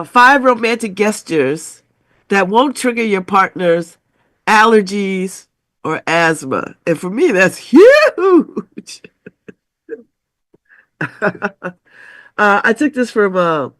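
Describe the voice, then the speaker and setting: A woman's voice: on the low side, slow pace, long pauses, fairly bright tone, dry recording. A middle-aged woman hosting a radio talk show with a stuffy, congested voice, chuckling between remarks as she reads an article aloud.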